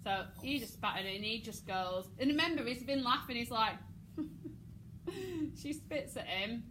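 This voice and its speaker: An English woman teaching a drama lesson, acting out lines with sudden shouts and laughing often. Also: on the high side, brisk, background noise.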